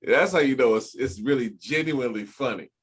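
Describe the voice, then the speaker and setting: A man hosting a casual chat show, talking in an animated way, laughing often and swearing freely. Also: medium pitch, fairly quick, husky. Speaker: podcast host.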